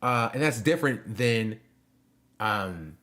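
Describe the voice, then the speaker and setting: A young man talks to his stream chat from home in a low, easy voice. He jokes around, tosses in slang, and drifts between topics with plenty of fillers. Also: lively intonation, slow, pushed and bright. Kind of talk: casual live-stream chat.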